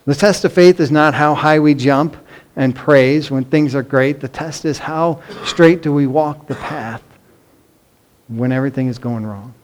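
Middle-aged male pastor, earnest emphatic sermon delivery, slightly high voice. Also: a little slow. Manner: earnest, emphatic preaching with rhetorical questions.

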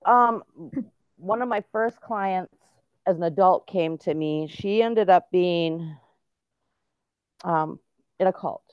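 A woman's voice: lowish voice, slow, long pauses, clear, resonant tone, no room sound. A middle-aged woman, a guest on an interview podcast, explaining things earnestly with frequent restarts. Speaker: guest, autism and veterans advocate. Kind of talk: casual interview talk. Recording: dull lo-fi dry sound.

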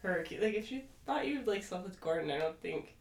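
A young adult woman co-hosting a podcast, recapping a reality show in casual, animated chat and acting out quoted lines. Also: medium pitch, a little fast. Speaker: podcast co-host. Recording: echoey room, off-mic.

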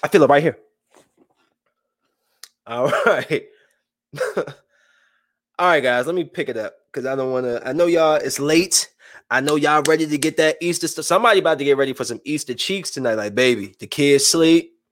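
A man in his thirties giving casual, joking live-stream commentary, swinging between loud bursts and hushed asides. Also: fairly high pitch, a little fast. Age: 30s.

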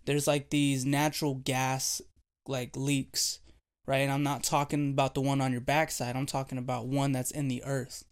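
A young man preaching a devotional sermon, telling a childhood story with animated, playful delivery. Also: mid-range voice, normal speed, clear, resonant tone. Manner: animated storytelling, acting out voices and laughing.

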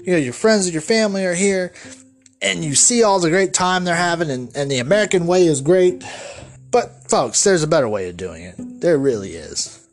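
A man's voice: on the high side, animated, normal speed, faint music behind. A man delivering a solo podcast monologue, ranting in a rambling, profane way with lots of restarts. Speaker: podcast host.

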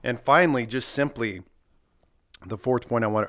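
A man's voice: medium pitch, moderate pace, a bit bright. A middle-aged man co-hosting a casual devotional chat, earnestly walking through his Bible study points one by one. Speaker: podcast co-host leading Bible discussion.

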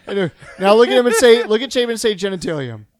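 High-voiced giggly man on a podcast. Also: lively intonation, quick pace. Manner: giggly, squeamish, teasing. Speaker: podcast co-host. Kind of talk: casual podcast banter.

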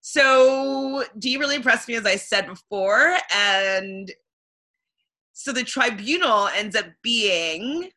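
A woman's voice: fairly high pitch, lively intonation, slow, sharp tone. A young woman from Canada, co-hosting a casual podcast chat, talking loosely with many ums and likes and laughing often. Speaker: podcast co-host. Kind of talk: casual chat recapping a reality show.

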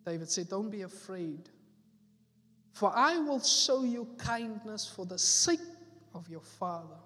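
A man's voice: high voice, lively intonation, measured pace, sharp tone. A man preaching a sermon, repeating his key phrases with rising emphasis. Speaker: pastor. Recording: echoey hall with faint music.

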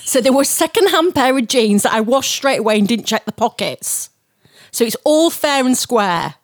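A woman's voice: fairly high pitch, expressive, normal speed. A woman co-hosting a podcast, defending herself in casual chat, laughing and cutting in. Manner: defensive, laughing, keeps interrupting. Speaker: podcast co-host.

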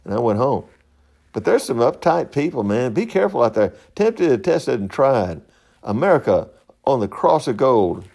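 A man's voice: medium pitch, big pitch swings, moderate pace, gravelly, a little mellow. A middle-aged man, hosting a podcast in a rambling, folksy monologue and laughing at his own stories. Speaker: podcast host.

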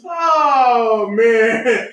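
Male podcast host, lively laughing storyteller, bright voice, roomy sound from off-mic. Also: very high-pitched, very slow. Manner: laughing, animated storyteller with loose casual grammar. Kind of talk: casual storytelling chat. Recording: echoey room, mic at a distance.

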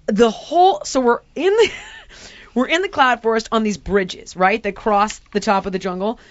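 A woman hosting a chat show, telling a story in an animated, exaggerating way and acting out quotes. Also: a little high, moderate pace, dry recording, dull audio. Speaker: podcast host telling a story. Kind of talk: casual chat.

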